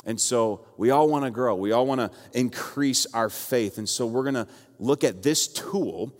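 A man's voice: mid-range voice, normal speed. A man preaching a sermon as pastor, telling a story and acting out both sides of a quarrel. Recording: long hall reverb.

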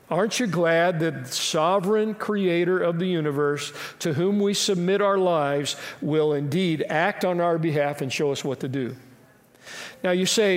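A high-pitched male pastor delivers a sermon in a church sanctuary, and his voice trails off into a long hall reverb. He is emphatic, asks many rhetorical questions and slips in jokes along the way. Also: moderate pace.

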